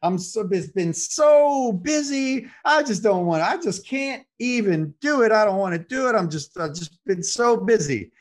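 A man voicing a tired husband with a whiny, drawn-out, higher voice. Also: lively intonation. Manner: whining, drawn-out complaining. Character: worn-out husband, whiny then eager.

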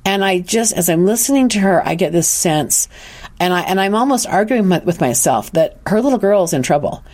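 A woman's voice: on the low side, brisk. A woman who works as an intuitive counselor, earnestly telling a personal story on a podcast and often restarting her sentences. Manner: earnest, animated retelling with frequent restarts.

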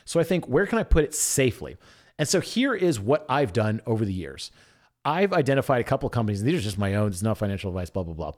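A young man telling a story in a casual monologue, with a voice that rises and falls a great deal. He drops into quiet asides and then bursts out in excited shouts. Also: on the low side, quick pace.

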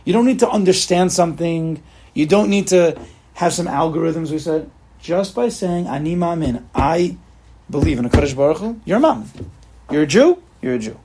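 A man's voice: a little high, animated, moderate pace, mellow, a little hiss or hum. A man giving a casual spoken Torah class, asking rhetorical questions, often restarting phrases and mixing in Hebrew terms.

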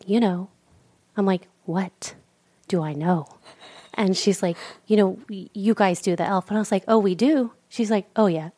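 Middle-aged woman podcast host, chatty, keeps acting out convos in her stories. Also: mid-range voice. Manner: animated storyteller acting out dialogue. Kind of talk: casual chat.

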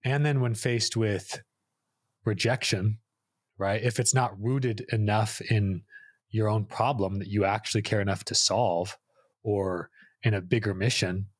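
Husky low-voiced man explaining things. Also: steady tone, a little slow, no room sound, studio quality. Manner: reflective, explanatory. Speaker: podcast co-host. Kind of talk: casual chat.

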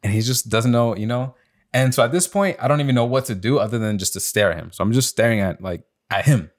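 Speaking fast in a mid-range voice, a young male podcast co-host casually tells friends a story. He acts out the quotes with a raised voice and swears frequently.

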